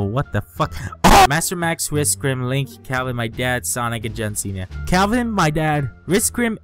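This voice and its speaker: A young man hosting casual gameplay commentary, reading events aloud and reacting with shouts, swearing and laughter. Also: high-pitched. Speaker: gaming channel host.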